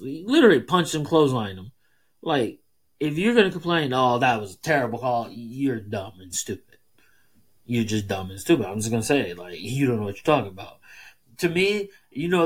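Heated, profane male sports podcaster. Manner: heated, profane, emphatic, fast swings in pitch. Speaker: podcast host. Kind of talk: casual solo sports podcast rant.

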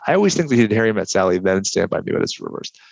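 A young man chatting on a podcast with dry, sardonic deadpan humor. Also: low voice, rapid-fire, gravelly, no echo. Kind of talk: casual chat.

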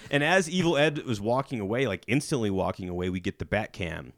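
A man's voice: lowish voice, a little fast, no echo, clean studio sound. A man hosting a podcast, animatedly retelling a movie plot in casual chat. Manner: animated storyteller, slips into character voices. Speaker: podcast host.

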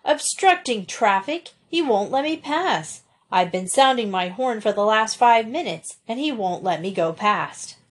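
A woman voicing an angry, impatient male chauffeur in a storybook reading, indignant and loud. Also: mid-range voice, animated, measured pace, few pauses, natural voice. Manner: indignant, shouting complaints.

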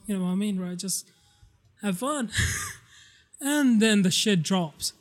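A man hosting a casual spoiler podcast, rambling excitedly and swearing a lot as he recaps a movie. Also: sits high, takes it slowly. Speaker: podcast host.

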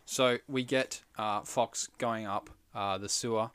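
A man with a fairly low voice recaps a movie plot for a podcast, chatting casually with a friend. He is animated, puts on voices for quotes, and teases his co-host. The sound is dry and close. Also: takes it slowly, smooth, no echo. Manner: animated storyteller, acts out quotes, teasing. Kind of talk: casual movie review chat.

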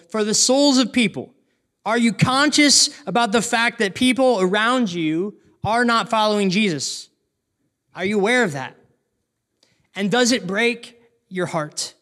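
High-voiced earnest male preacher. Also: fairly bright tone. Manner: earnest, asks rhetorical questions, slows down for emphasis. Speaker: pastor. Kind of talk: sermon.

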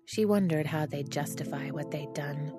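A woman reading fan fiction aloud as a podfic, in steady, measured narration. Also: low voice. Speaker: podfic reader. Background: background music.

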